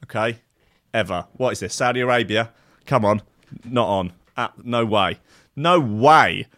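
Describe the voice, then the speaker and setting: A man's voice: fairly low pitch, a little slow, fairly bright tone, no room sound, studio quality. Sardonic male host. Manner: sardonic, mock-outraged, heavy with filler. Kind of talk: comic news-reading riff.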